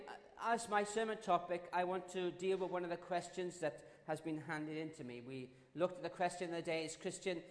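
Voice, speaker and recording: A man gives a sermon in a large hall, and his voice trails off into a long reverb. His voice sits a little high. He talks in an easy storytelling way, with ums and small restarts. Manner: storytelling, relaxed with fillers and restarts. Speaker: pastor. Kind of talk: sermon with an opening joke.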